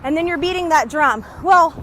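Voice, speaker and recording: A woman's voice: high voice, normal speed, very noisy. A woman business coach chatting on a live stream while walking home outdoors, upbeat and a little out of breath, often greeting her viewers. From Texas. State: slightly out of breath.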